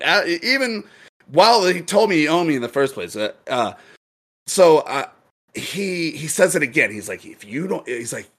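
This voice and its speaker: Young adult man, gaming streamer; casual, profane storyteller with a very lively, swinging pitch. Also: moderate pace. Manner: animated, profane, laughing storyteller.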